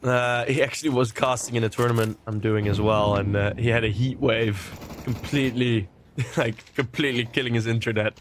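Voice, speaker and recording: Male esports caster with a medium voice, animated and chatty, working a headset mic over faint game gunfire. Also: medium pitch, moderate pace, a little hiss or hum. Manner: animated, chatty, drifts into tangents. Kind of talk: play-by-play game commentary.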